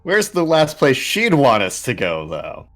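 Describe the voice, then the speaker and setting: A man's voice: mid-range voice, wildly swooping pitch, measured pace, fairly bright tone, soft background music. A man playing a tabletop game, chatting casually as a player.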